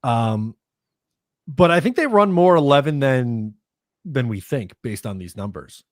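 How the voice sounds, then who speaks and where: A man hosting a casual sports chat show, relaxed and reading out listener comments. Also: mid-range voice, a little slow, no room sound, clean studio sound. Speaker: podcast host.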